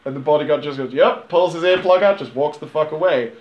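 Animated man retelling a film, roomy sound. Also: a little high, a little fast, dull audio. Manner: animated retelling with swearing and impressions. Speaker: podcast co-host recapping a film. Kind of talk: casual chat. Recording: roomy echo.

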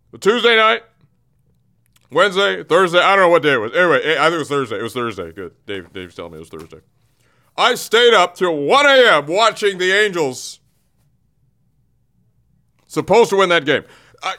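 A man hosting a sports show, ranting in mock fury and stammering through restarts. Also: high-pitched. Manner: excitable, mock-furious ranting. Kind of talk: comic sports rant.

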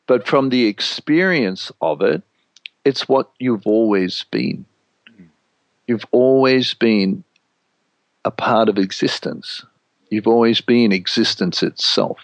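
A man in casual spiritual conversation, telling stories with animated swings and freely dropping swear words. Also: fairly low pitch, unhurried, no room sound. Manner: animated storyteller, swears freely, mimics voices for effect.

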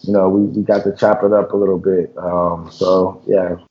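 Man, ex-football player, podcast co-host, relaxed, filler-heavy, muffled audio. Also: low voice, normal speed, slight background noise. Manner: relaxed, lots of "you know" and "man". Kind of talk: casual sports chat.

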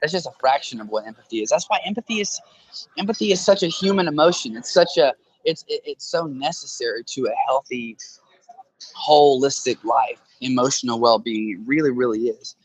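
A man's voice: mid-range voice, fairly quick, husky, rough recording. A man in a casual conversation who talks into a handheld phone, explaining earnestly through analogies and often checking in with "right?".

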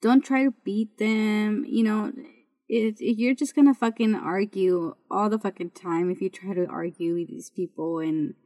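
A woman's voice: mid-range voice, fairly even intonation, moderate pace, dark tone. A woman hosting a podcast in a casual monologue, blunt and full of swearing, rambling with restarts. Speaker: podcast host.

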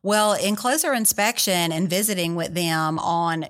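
A woman, a tourism director telling lively stories in a radio interview. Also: fairly low pitch, measured pace, hardly any pauses. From Mississippi, USA. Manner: enthusiastic, chatty, with fillers.

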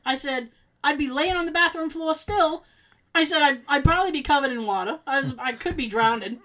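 A woman telling a long story in casual chat, animated and laughing as she acts out what people said. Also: high-pitched, a little fast, rough recording.

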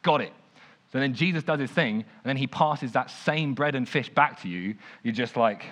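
A young man preaching casually, retelling a story in an animated, conversational way with lots of "like". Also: mid-range voice, normal speed. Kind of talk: informal sermon storytelling.

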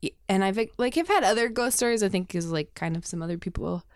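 A young woman from Texas telling ghost stories casually on a podcast, animated, swearing freely and acting out other people in a higher voice. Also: fast, smooth, no room sound, clean studio sound. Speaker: podcast speaker. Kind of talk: casual storytelling.

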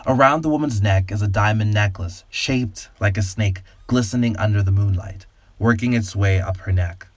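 A man hosting a podcast and narrating a story in a calm, measured, soothing way. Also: fairly low pitch, dry recording. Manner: calm, slow, soothing guided-imagery delivery.

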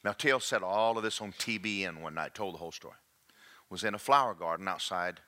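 A man's voice: sits low, a little fast. A man preaching a sermon to a congregation, joking and checking in with the room. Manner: animated, jokey, checks in with the congregation.

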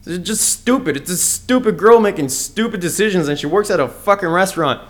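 A man's voice: high voice, animated, fairly quick, a bit bright. Crude, blustering male podcast host. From United States. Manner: crude, blunt and mocking, with frequent stumbles and restarts. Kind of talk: casual solo comedy rant.

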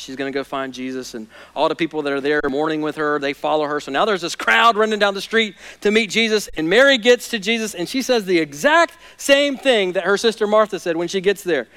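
A male pastor preaching a sermon, moving between hushed, intense passages and loud, fired-up ones. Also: on the high side, clean tone.

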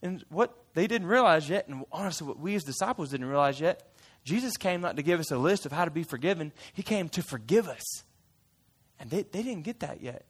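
A man's voice: fairly high pitch, lively intonation, brisk, slightly rough. A man in character as a fisherman disciple, retelling a story to a church group in a chatty, playful way with side remarks. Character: folksy fisherman disciple retelling his memories.

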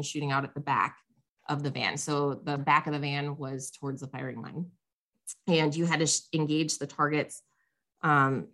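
A woman podcast host chatting casually about competition stages, self-deprecating with quick asides. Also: low-pitched, fairly bright tone. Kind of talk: casual recounting of match stages.

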